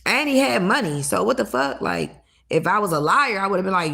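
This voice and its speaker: Low, gravelly, blunt-talking woman. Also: a little fast. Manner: blunt, profane, animated storytelling. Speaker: livestreamer. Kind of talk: casual livestream chat.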